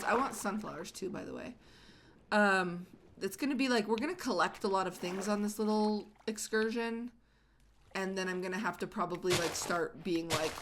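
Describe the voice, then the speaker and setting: A woman's voice: mid-range voice, normal speed, a little hiss or hum. A woman hosting a casual let's-play, chatting and rambling with lots of "like" fillers as she plays. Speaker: gaming channel host.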